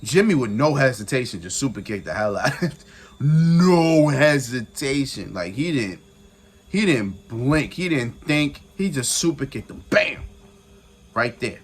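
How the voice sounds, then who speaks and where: Excitable man recapping a wrestling match. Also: medium pitch, husky. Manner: excitable, retells with shouted quotes and sound effects; repeats phrases for emphasis, laughs often. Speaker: wrestling reviewer. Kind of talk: casual recap commentary.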